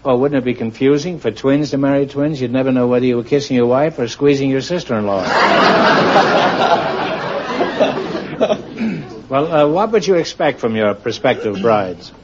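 A man hosting a quiz show, firing off quick deadpan quips and puns at his contestants. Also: medium pitch, heavy background noise. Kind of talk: wisecracking live quiz show banter. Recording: lo-fi old broadcast with loud audience laughter. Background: studio audience laughing and applauding.

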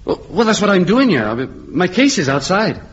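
A shy young man who halts and hesitates, with a lively, slightly raised voice. It is a vintage radio comedy, muffled, with faint hiss. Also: high voice, husky, exaggerated voice. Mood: sheepish. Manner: hesitant, halting. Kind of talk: 1950s radio comedy acting.

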